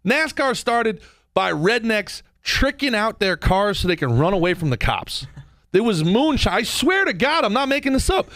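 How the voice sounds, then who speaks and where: A man hosting a podcast, ranting comedically with profanity and quick mock voices. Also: sits high, no room sound. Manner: animated, profane, jumps between impressions and mock voices. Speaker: podcast host. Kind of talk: comedic rant.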